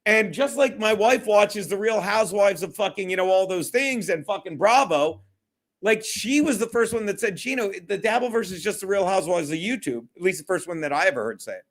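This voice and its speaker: This livestream host has a high, fairly quick, slightly bright voice. Hosting a casual solo stream, he rambles, swears, and keeps breaking into giggles.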